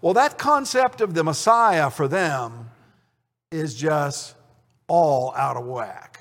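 High-voiced man teaching in a reverberant hall. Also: animated, slow, fairly bright tone. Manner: storytelling, acts out the dialogue in the scene. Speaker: Bible teacher. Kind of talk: conversational Bible teaching. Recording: long reverb of a large hall.

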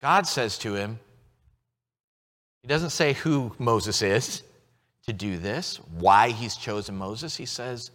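A man preaching a sermon as pastor, swinging between emphatic, loud lines and hushed, quiet ones. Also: medium pitch, slow pace, long pauses, big-room sound.

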